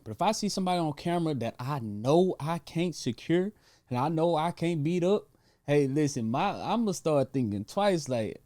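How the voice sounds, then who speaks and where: A man's voice: on the high side, lively intonation, normal speed, dark tone, dry recording, clean studio sound, voice pushed up, close to an everyday voice. A man voicing a blunt, reluctant female security guard who hesitates and rambles.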